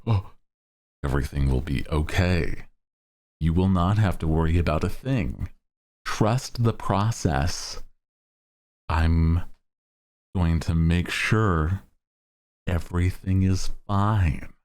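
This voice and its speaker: A man voicing a calmly menacing male villain who reassures in a slow, ominous way. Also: extremely low pitch, vocal fry, husky, exaggerated voice. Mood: smug ominous.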